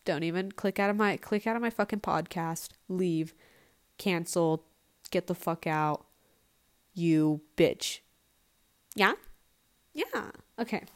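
A woman's voice: lowish voice, takes it slowly, long pauses. Foul-mouthed young woman rambling on a podcast. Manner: rambling, profane and blunt. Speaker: podcast host. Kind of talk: casual solo podcast chat. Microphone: no proper microphone.

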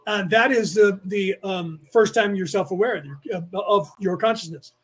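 A middle-aged man from the San Francisco Bay Area who talks in a rapid, rambling rush as he hosts a casual spiritual lecture for his podcast. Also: sits high, fairly bright tone, breathy edge. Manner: rapid, rambling, restless delivery. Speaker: podcast host teaching a class.

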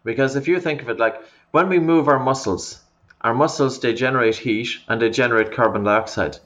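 A man's voice: mid-range voice, fairly bright tone. A man working as a breathing coach, patiently explaining in an interview over a remote call, often restarting his sentences. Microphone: remote call audio.

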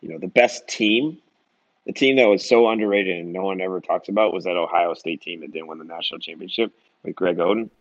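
Animated young coach telling stories. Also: male voice, deep voice, fairly quick, no echo, lo-fi sound. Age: young adult. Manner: animated, acts out quoted dialogue. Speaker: junior college head coach, guest. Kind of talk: casual storytelling interview.

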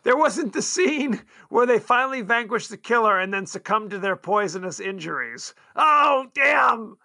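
A man's voice: sits high, normal speed, sharp tone, dry recording, studio quality. A man co-hosting a podcast, chatting casually in a playful, mock-dramatic way. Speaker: podcast co-host. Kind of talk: casual chat.

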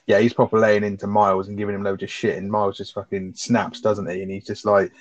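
A man chatting fast and rambling about a film, swearing heavily and laughing. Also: fairly low pitch, level tone, no echo, highs cut off. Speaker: film review podcast co-host. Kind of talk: casual chat, reacting to a film.

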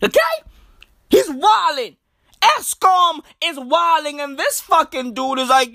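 A woman's voice: sits high, normal speed, a bit bright, dry recording, clean studio sound. A woman delivering a profane comedic rant, mocking and repetitive, hammering lines home with heavy swearing. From South Africa.

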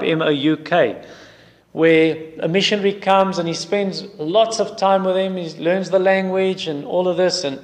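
Male preacher, slightly raised pitch, earnest sermon delivery, big echoing hall. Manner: earnest, questioning the listeners directly.

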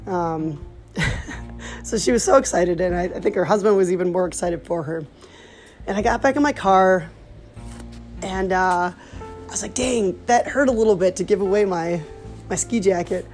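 A woman's voice: lowish voice, moderate pace, long pauses, soft background music. Earnest woman telling faith stories. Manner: earnest, animated retelling with laughs. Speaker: mother sharing faith stories. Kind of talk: casual personal storytelling.

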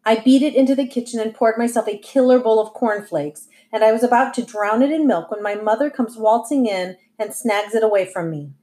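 A woman reading a novel aloud as audiobook narration, telling it in a lively, wry way. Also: a little high, brisk, few pauses. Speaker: audiobook reader.

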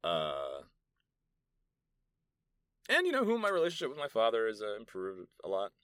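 A young New York man rambles through a solo podcast in a fairly low, fairly bright voice whose pitch swoops wildly, at normal speed. Recorded in a soundproof meeting room with clean studio sound and no room sound, he swears freely through loose, filler-laden stories.

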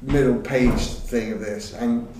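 Middle-aged man, animated storyteller who chuckles through his anecdotes, mid-range voice, echoey room. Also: mid-range voice, takes it slowly, a little hiss or hum. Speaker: guest recounting football days. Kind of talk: anecdote-telling chat.

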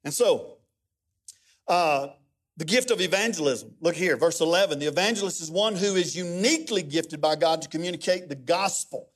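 A middle-aged man preaching as a guest pastor, telling stories in a lively, humorous way. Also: on the high side, normal speed. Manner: animated, humorous storytelling with many restarts. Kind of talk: sermon.

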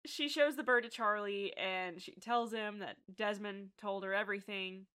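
A woman co-hosting a podcast, casually recapping a TV episode with animated retelling and frequent laughter. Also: medium pitch, moderate pace, clear, resonant tone. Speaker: podcast co-host.

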